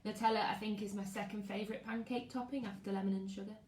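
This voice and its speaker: A woman's voice: medium pitch, fast talker, slight background noise. A woman teaching her class over a live stream from home, greeting pupils by name and chatting before reading aloud. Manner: lively, greets pupils, reads out comments. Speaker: primary school teacher. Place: at home, living room. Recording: echoey room.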